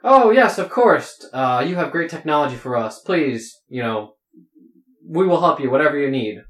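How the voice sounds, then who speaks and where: A man's voice: fairly high pitch, expressive, moderate pace, a bit bright, pitched above the performer's own voice. A man voicing friendly male dwarves in a stage play, eager and welcoming. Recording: roomy echo.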